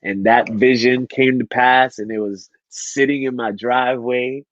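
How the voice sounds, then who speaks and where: A man telling a motivational story at an online event, animated and acting out the dialogue as he goes. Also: mid-range voice, measured pace, no echo, muffled recording. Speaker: speaker at a men's online event.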